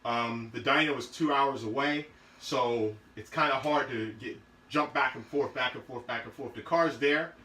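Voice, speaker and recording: Man showing off car parts, mid-pitched voice, rambling and casual with lots of restarts; echoey garage, faint hiss. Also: normal speed, sharp tone. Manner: rambling, loose, many fillers and restarts. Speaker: car build vlogger.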